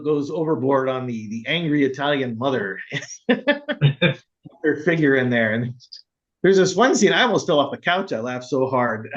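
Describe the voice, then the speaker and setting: A man co-hosting a casual film podcast, rambling with many fillers and laughing as he retells scenes. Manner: rambling, laughs often, acts out quotes in a high voice. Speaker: podcast co-host. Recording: dull lo-fi sound.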